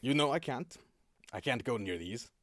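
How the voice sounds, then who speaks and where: A man's voice: medium pitch, expressive, moderate pace, a bit bright, dry recording, close to an everyday voice. A man voicing a secretive, sardonic male spymaster who talks in dry, long-winded warnings. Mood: explaining.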